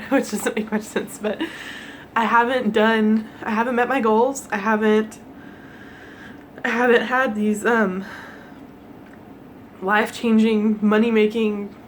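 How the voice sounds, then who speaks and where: A young woman from the United States, teary and emotional, talking haltingly with nervous laughs in a personal vlog. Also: a little high, fairly even intonation, a little hiss or hum. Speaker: vlogger.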